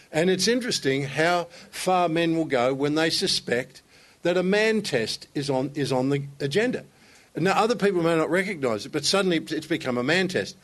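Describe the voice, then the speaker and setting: A man's voice: fairly high pitch, animated, moderate pace. A man speaking to other men in a conversational sermon, telling stories with self-deprecating humor.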